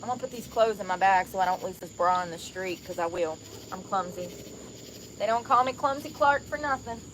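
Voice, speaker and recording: A woman chats to her livestream viewers in a bright, forceful voice. She rambles loosely and calls them y'all. Faint crickets and insects buzz behind her outdoors. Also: mid-range voice, a little fast, a little hiss or hum. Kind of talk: casual livestream chat. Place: outdoors on the street.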